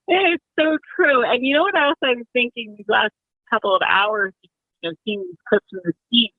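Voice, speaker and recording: A woman's voice: a little high, dry recording. Woman on a tinny phone line. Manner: earnest, opinionated, with halting restarts. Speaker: radio show guest. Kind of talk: political talk radio chat. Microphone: telephone.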